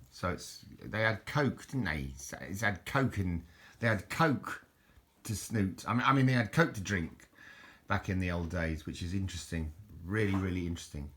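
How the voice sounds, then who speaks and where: Low-voiced man, rambling chat. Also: fairly bright tone. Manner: rambling and chatty, stumbles over foreign words, frequent self-corrections. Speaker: vlogger showing his bottle collection. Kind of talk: casual show-and-tell vlog.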